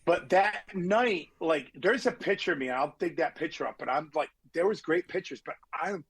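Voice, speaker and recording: A middle-aged man, a musician guest on a podcast, tells road stories in a casual, animated and profane way. He acts out the people he quotes. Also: on the high side, normal speed, breathy edge, low-quality recording. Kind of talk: casual storytelling chat.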